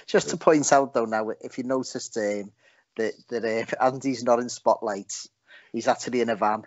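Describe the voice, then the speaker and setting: A man's voice: mid-range voice, normal speed, dry recording. Podcast co-host guy cracking jokes, dry muffled sound. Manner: joking, laughs often. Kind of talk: casual podcast chat. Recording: dull lo-fi audio.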